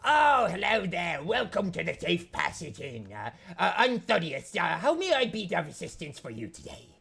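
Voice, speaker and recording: A man's voice: high voice, big pitch swings, normal speed, gravelly, sharp tone, exaggerated voice. A man voicing a friendly male orc innkeeper with a hearty, welcoming manner in a tabletop game. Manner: hearty, welcoming, a little pompous. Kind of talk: tabletop role-play.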